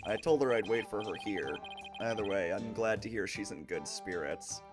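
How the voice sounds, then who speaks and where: A man's voice: lowish voice, animated, normal speed, lightly acted. A man voicing a wry grown-up lawyer traveling abroad, reading game dialogue in a near-everyday voice. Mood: plain. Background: game music.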